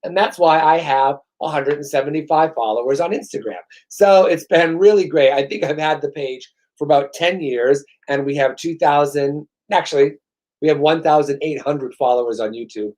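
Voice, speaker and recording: A man's voice: on the high side, moderate pace, darkish tone. Sarcastic, profane male comedy host. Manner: profane, sarcastic, self-mocking. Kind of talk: rambling comedic monologue.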